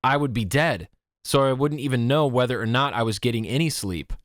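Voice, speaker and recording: A man's voice: medium pitch, fairly quick, no room sound, clean studio sound, voice pushed up, natural voice. A man voicing a snooty, sullen teenage girl with a snippy manner in an audiobook. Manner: snippy, full of attitude. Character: snooty teen girl, sullen, sharp-tongued.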